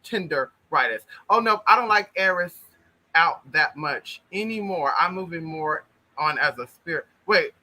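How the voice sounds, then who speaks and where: A man's voice: on the high side, normal speed, bright, forceful tone. A man hosting a casual livestream, greeting viewers one by one in a flamboyant, blunt and profane way, calling everyone honey. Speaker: livestream host.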